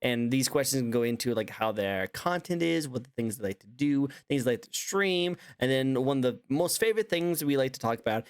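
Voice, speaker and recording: A man hosting a casual interview show, playful and quick to laugh, often repeating himself. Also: mid-range voice, animated, smooth, no echo. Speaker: talk show host.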